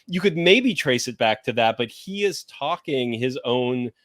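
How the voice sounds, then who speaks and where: A man's voice: mid-range voice, expressive, measured pace, a bit bright, no echo, studio quality. A man hosting a casual podcast chat, talking in a rambling way and searching for words with many fillers. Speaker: podcast host pairing wines.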